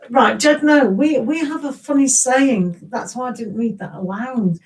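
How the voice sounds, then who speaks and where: Chatty English woman with a higher voice. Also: recorded from a distance, slight background noise, poor audio. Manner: chatty and rambling, greets viewers, laughs often, many restarts. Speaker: tarot reader hosting a live stream. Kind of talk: casual live-stream reading.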